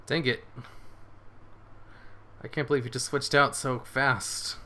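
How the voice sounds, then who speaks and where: Man, gamer commentary, excitable, cursing, bright clear voice, home desk mic. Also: medium pitch, takes it slowly. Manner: excitable, swears, laughs often. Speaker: gaming streamer. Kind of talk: live game commentary.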